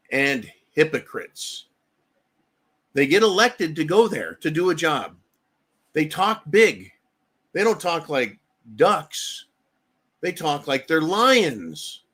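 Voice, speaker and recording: A man's voice: a little high, a bit bright. A man from the United States hosting a livestream, giving blunt political commentary, swearing freely and often tagging his points with "right?". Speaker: livestream host.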